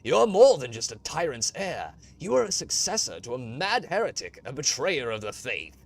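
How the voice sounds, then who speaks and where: A man voicing a fanatical renegade navigator from a role-playing game in a loud, accusing, raised voice. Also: medium pitch, big pitch swings, normal speed, gravelly. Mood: furious.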